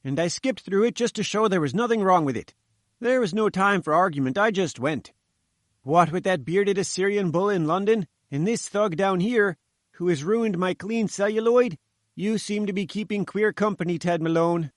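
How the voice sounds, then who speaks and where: A fat little newspaperman, pushy and sputtering, with a high bleating voice that a man puts on. It is recorded dry and close. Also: normal speed, dry recording, lightly acted. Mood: pleading.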